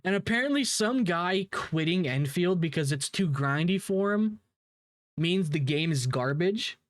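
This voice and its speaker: A young man in a rambling, swear-heavy reaction commentary, often stopping mid-sentence to restart. His voice sits a bit high, and the close mic sounds dry and dead. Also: animated, unhurried, dry recording. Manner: rambling and profane, with frequent restarts and laughs. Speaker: drama commentary host.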